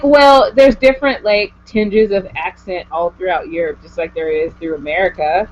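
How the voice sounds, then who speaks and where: A woman's voice: fairly low pitch, moderate pace, a little hiss or hum. A woman vlogger chatting casually with a guest, gushing and rambling with lots of "like". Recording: dull lo-fi home recording.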